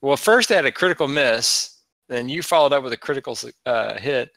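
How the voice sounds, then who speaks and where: A man running a tabletop game online as game master, relaxed and chatty, laughing often. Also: medium pitch, brisk, gravelly, no echo. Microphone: online voice chat.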